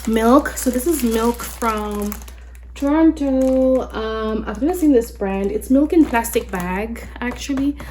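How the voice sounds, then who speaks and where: A woman's voice: fairly high pitch, slow, mellow, a little hiss or hum. A woman, a mother, chatting casually at home as she shows a grocery haul, rambling with many fillers and restarts. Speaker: mother and lifestyle vlogger.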